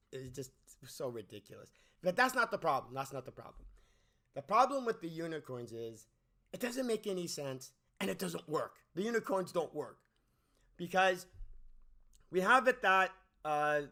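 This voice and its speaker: Male movie critic, high bright voice, lively swings in pitch, exasperated rant with frequent restarts. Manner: exasperated, repeats words and restarts often. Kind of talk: ranting movie review.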